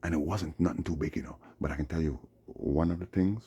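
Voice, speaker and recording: A man telling a long rambling story to camera, acting out voices and swinging between loud outbursts and hushed asides. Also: rumbling low, brisk, husky, no echo. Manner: animated storytelling, acts out quotes, jumps between loud and hushed. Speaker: vlogger.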